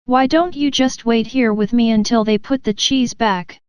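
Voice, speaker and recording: A stubborn, fearful little man from a storybook, insistent and complaining as he refuses to change, read by a woman with a clear, fairly high voice. The sound is close and dry. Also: moderate pace, darkish tone, no echo, natural voice.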